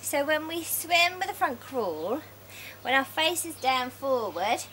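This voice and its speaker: A woman with a high, bright voice guides a laughter yoga class. Her pitch leaps all over the place as she cheers people on and breaks into laughter, though she sets an unhurried pace. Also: very animated, slight background noise. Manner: playful, encouraging, laughs often between cues. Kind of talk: guided laughter exercise session.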